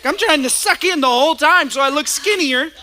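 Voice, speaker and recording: A male pastor preaching from a church stage, with a high, very bright voice. He tells stories with lively energy and laughs often along the way. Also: a little fast. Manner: animated storytelling with frequent laughter. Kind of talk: sermon. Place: church stage before a congregation.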